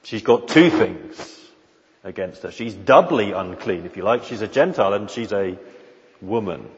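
A man's voice: lowish voice, animated, moderate pace, a little hiss or hum. Man pastor, earnest sermon, long hall echo, dull lo-fi recording. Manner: earnest, emphatic repetition and frequent restarts.

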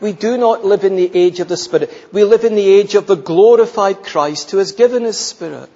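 Husky guy preaching slow, kinda high voice, dull echoey hall sound. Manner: emphatic, repeats phrases, drops to soft intensity. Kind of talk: sermon.

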